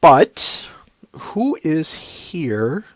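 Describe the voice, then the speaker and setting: A man's voice: on the high side, big pitch swings, drawn-out words, no room sound. A man hosting a podcast, chatting casually and laughing often. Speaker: podcast host. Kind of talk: casual chat.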